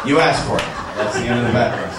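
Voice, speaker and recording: A man doing stand-up, telling a profane story with animated shouted quotes in a comedy club. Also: mid-range voice, fast talker, heavy background noise. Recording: echoey club audio from far off.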